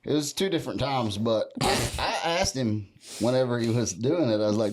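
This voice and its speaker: A man's voice: medium pitch, fairly quick, poor audio. A man hosting a podcast in casual chat, laid-back and slangy, laughing often. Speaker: podcast host. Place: indoor podcast studio.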